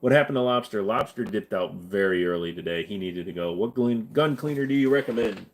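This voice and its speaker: A man hosting a casual livestream, reading viewer questions and answering them in a relaxed, chatty way. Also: lowish voice, fairly quick. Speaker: livestream host reading chat.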